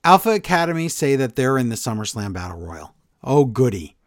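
A man co-hosting a wrestling podcast, talking in a casual, exasperated, animated way with quick asides. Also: mid-range voice, dry recording, studio quality. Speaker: podcast co-host.

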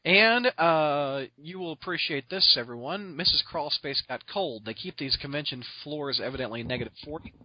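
A man hosting a podcast, telling stories in an excitable, rambling way full of restarts and laughs. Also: on the high side, moderate pace, hardly any pauses, lo-fi sound. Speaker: podcast host. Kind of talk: casual storytelling chat.

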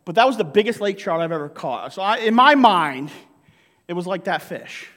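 In a large hall serving as a church sanctuary, a male pastor delivers a jokey sermon, constantly asking his congregation "right?". He has a high, fairly bright voice with lively intonation and a moderate pace.

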